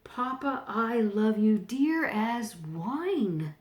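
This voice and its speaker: Earnest young princess, slow and light, read by a woman. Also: a little high, sing-song, darkish tone, reverberant, full character voice. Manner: earnest, questioning.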